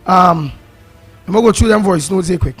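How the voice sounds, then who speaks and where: A man's voice: sits high, brisk, a bit bright, husky, no room sound, faint music behind, rough recording. A man with a Trinidadian accent hosting a call-in radio show, emphatic and fiery, repeating words and slipping into a sing-song. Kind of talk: animated call-in radio talk.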